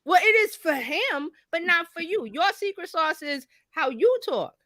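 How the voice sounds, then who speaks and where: A woman marketing coach talking casually on a podcast, animated and chatty, laughing often. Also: very high-pitched, measured pace, no room sound.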